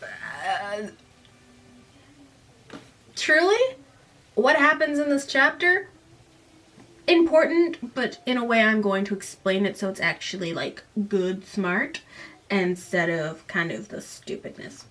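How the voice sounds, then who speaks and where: A woman's voice: mid-range voice, lively intonation, slow, long pauses, fairly bright tone. A young woman casually recapping a novel, reading short passages aloud and breaking off into sarcastic asides. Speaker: book reviewer.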